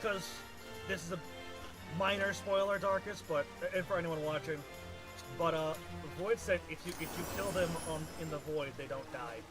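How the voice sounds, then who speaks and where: A man's voice: a little high, normal speed, music in the background. A man chatting casually with a friend while they play a game together, rambling and restarting his sentences, with the odd swear. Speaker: co-player. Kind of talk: casual gaming chat.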